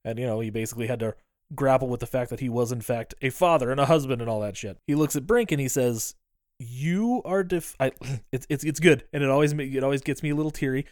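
A man's voice: medium pitch, quick pace, darkish tone, dry recording, clean studio sound. A man co-hosting a podcast, casually recapping a movie scene by scene, acting out the characters' lines, laughing and swearing as he goes. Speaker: podcast co-host.

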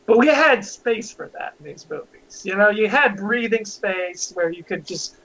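A high-voiced man with a gravelly edge, chatting and giggling as he picks at details. The recording sounds muffled and lo-fi. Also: animated, moderate pace, a bit bright, slight background noise. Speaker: podcast co-host. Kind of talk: casual chat.

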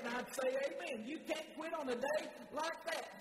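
High-voiced fervent preacher in an echoey church. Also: male voice, expressive, normal speed, few pauses, fairly bright tone. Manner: fervent, repetitive, stammering restarts. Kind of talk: sermon. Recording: echoey hall with faint noise.

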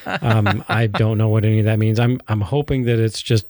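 Low-voiced casual podcast co-host, man. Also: steady tone, brisk, darkish tone, slight background noise. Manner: rambling, explains with many fillers and restarts.

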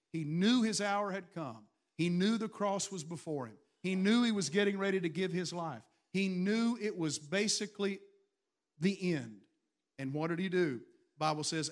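A man's voice: high voice, a bit bright. A man, a pastor preaching a storytelling sermon to his congregation with bursts of raised emphasis. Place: church in front of a congregation.

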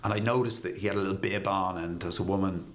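A man's voice: low-pitched, very fast. A man co-hosting a podcast, chatting casually and acting out voices and barks as he tells stories. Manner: animated storyteller, acts out voices and barks. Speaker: podcast co-host. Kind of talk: casual chat.

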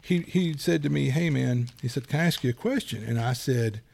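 A man's voice: mid-range voice, fairly quick, vocal fry, a little mellow. A middle-aged man co-hosts a casual podcast in an ordinary mid-range voice. He rambles through anecdotes and slips into quoted dialogue as he goes. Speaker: podcast co-host.

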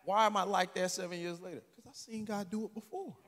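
High, gravelly preacher man in a hall. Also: fast. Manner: animated storytelling with sudden shouted peaks. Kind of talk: sermon. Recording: long hall reverb.

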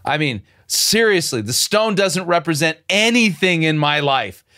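A man's voice: a little high, expressive, measured pace, pushed and bright. A man hosting a commentary show, picking apart a sermon clip with sarcastic, incredulous remarks and frequent restarts. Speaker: host.

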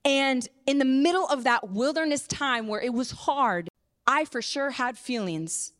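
A woman preacher giving an earnest sermon and personal testimony, moving from hushed to impassioned. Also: high-pitched, measured pace. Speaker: apostle and preacher.

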